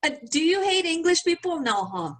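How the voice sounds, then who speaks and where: A woman's voice: very high voice, sing-song, moderate pace, fairly bright tone. A woman from Mexico co-hosting a podcast, chatting casually, laughing often and swearing freely. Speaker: podcast co-host. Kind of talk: casual chat.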